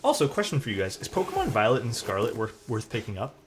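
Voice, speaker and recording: Lively chatty man streaming a keyboard build. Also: mid-range voice, quick pace, background noise. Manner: chatty, answers chat questions, trails off and restarts. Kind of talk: casual livestream chat while building.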